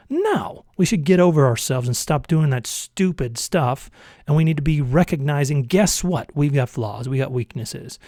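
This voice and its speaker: A man's voice: medium pitch, vocal fry, a little mellow, no room sound, studio quality. A man vlogging a casual motivational monologue, earnest and rambling, often correcting himself mid-sentence.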